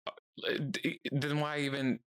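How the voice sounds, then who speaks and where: A man hosting a casual reaction video, chatting and laughing as he mimics characters in quick asides. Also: fairly high pitch, completely flat delivery, a bit bright, slight background noise.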